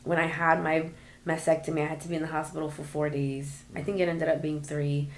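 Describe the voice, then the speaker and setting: A woman's voice: low-pitched, level tone, brisk, a little hiss or hum. A woman, a podcast guest, telling her story in casual interview chat and acting out what the nurses said to her. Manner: emotional storytelling, acts out quotes of nurses.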